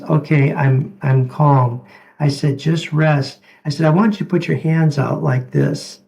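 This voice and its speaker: A gentle, halting man talks at an unhurried pace. His voice sits a little high with a gravelly edge and a mellow, darker tone. He is a doctor telling stories as an interview guest. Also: poor audio. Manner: gentle, halting, repeats words. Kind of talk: reflective storytelling in conversation.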